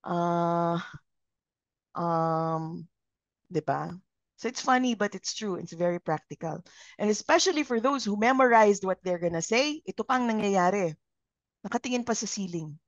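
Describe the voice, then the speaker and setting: A woman's voice: mid-range voice, expressive, brisk, no echo. A woman with a Filipino accent leading a live communication training, engaging the group with questions. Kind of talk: live training session, Taglish. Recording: dull lo-fi sound.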